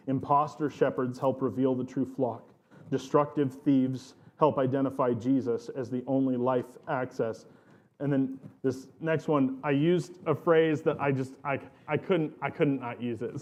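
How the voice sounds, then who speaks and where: A man's voice: medium pitch, steady tone, moderate pace, a little mellow. A man preaching a sermon as pastor of his church, earnest and emphatic, stretching out key phrases.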